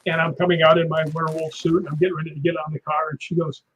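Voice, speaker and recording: A man, a stunt performer guest, telling lively anecdotes and acting out crashes with sound words like boom and whap, with a husky voice. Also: rapid-fire. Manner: animated, acts out impacts with sound words. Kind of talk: anecdotal storytelling on a live show. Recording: dull lo-fi sound.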